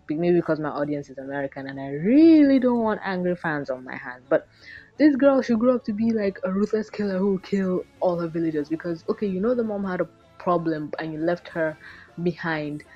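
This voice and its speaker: A woman giving a casual anime episode review in an animated, rambling way, swearing freely. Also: fairly low pitch. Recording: dull lo-fi recording with faint background music.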